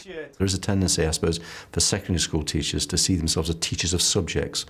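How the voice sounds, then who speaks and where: A man's voice: low-pitched, quick pace. A man who teaches German, speaking thoughtfully and a little hesitantly in an interview. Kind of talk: interview talk.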